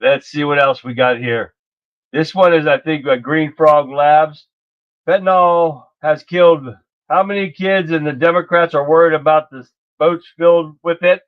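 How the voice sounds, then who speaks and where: A man's voice: fairly high pitch, steady tone, normal speed. A man hosting a casual political live stream, folksy and chatty, greeting viewers by name. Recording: dull lo-fi stream audio.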